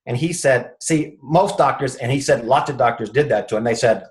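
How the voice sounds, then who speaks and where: A man's voice: mid-range voice, moderate pace, hardly any pauses, poor audio. A man, a chiropractor guest in an interview, telling an anecdote and acting out what each person said. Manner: retells conversations, acting out the quoted speech.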